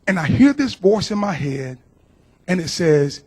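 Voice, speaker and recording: A man's voice: sits high, sing-song, a little slow, a little mellow, slightly rough. A middle-aged man from Georgia tells a personal testimony to a church congregation. He speaks earnestly and emotionally and often repeats his words. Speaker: guest speaker.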